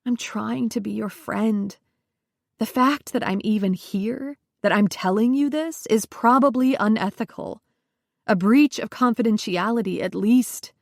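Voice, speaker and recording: Brief: a gentle, uneasy social worker friend, voiced by a woman reader, quiet and dry. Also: on the high side, measured pace, vocal fry, dry recording. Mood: placating. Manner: soft, hedging and placating.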